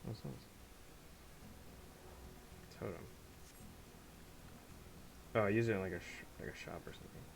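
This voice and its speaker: A man's voice: lowish voice, measured pace, vocal fry, long pauses, slight background noise, poor audio. A man streamer chatting casually while playing a game, rambling with lots of fillers and poking fun at himself. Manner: rambling, filler-heavy, self-deprecating. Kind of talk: casual let's-play chat.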